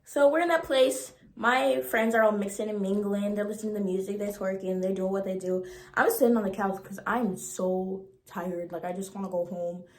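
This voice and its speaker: A young woman in her twenties telling a storytime vlog in an animated, slangy way and acting out the voices. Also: medium pitch, normal speed. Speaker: vlogger. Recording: roomy echo.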